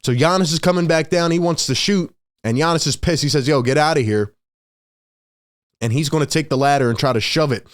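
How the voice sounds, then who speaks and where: A man talks through a basketball recap for his channel in a loose, excitable way. He laughs easily and slips into voicing the players he quotes. His voice sits a little high for a man. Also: fast talker, few pauses, no echo, clean studio sound. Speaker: sports video host. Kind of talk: casual game recap commentary.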